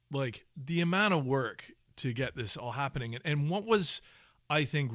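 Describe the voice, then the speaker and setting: A man's voice: medium pitch, fairly bright tone, no echo, clean studio sound. A man co-hosting a podcast, talking casually about voice work, rambling with many restarts and asides. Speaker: podcast co-host, audio professional.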